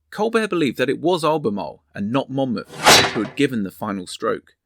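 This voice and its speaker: A man narrating history in a measured storytelling manner. His pitch moves in a lively way through each sentence. The recording is dry and close. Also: no room sound. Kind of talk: reading history and a novel aloud.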